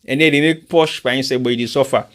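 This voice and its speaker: A man's voice: medium pitch, fairly even intonation, fast. A man from Sierra Leone with a Krio-inflected accent, hosting a live online show and giving rhetorical commentary that mixes English and Krio. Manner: rhetorical, repeats catchphrases, asks listeners questions.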